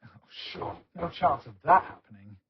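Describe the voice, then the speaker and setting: A slightly high-pitched male voice at a moderate pace, natural-sounding, with crowd noise around it. An actor plays a gloomy, self-loathing young man who speaks sarcastically and often mutters to himself. The audio is dull lo-fi game sound layered over music.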